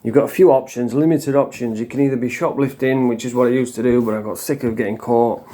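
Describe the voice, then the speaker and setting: A man's voice: mid-range voice, fairly even intonation, fast talker, mellow, a little hiss or hum. A British man talking straight to camera in a casual, rambling monologue that often turns heated and profane. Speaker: vlogger in addiction recovery.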